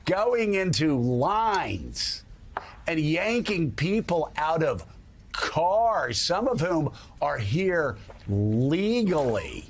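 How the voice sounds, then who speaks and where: A man's voice: on the high side, very animated, slow pace, slight background noise. A middle-aged man hosting a morning talk show, delivering indignant, emphatic opinion commentary.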